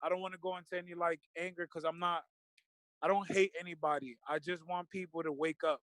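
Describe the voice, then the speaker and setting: A man's voice: on the high side, level tone, a little fast, a bit bright, no echo, low-quality recording. A man speaking earnestly and with feeling in a casual discussion, with many fillers and restarts. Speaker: guest.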